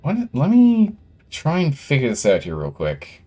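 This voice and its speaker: In a casual live stream of a game, a man talks with viewers while fiddling with his studio microphone's gain, his attention split. His medium-pitched voice is warm and unhurried, swooping wildly up and down.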